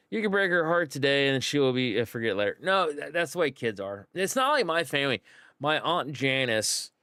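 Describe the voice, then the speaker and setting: A man's voice: medium pitch, fairly bright tone, clear, resonant tone, dry recording, studio quality. A middle-aged man chatting casually on a livestream, rambling, with lots of fillers and acted-out quotes. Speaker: streamer. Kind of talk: casual livestream chat to viewers.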